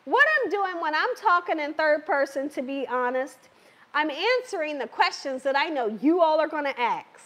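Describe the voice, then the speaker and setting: This cooking show host has a high, expressive, slightly bright voice and speaks at a moderate pace. Wearing a microphone during her live stream, she sounds a little worn as she chats, laughs often, and reads out viewer comments.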